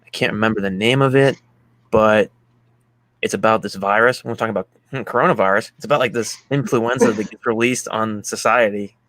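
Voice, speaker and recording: A man's voice: lowish voice, fairly quick, a bit bright, no echo. A man hosting a casual music chat, enthusiastic and swearing freely as he talks through an album. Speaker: podcast host.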